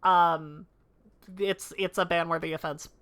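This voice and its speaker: A woman livestreaming a game, chatting casually and excitably with her viewers. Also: lowish voice, a little slow. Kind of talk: casual live-stream chat while gaming.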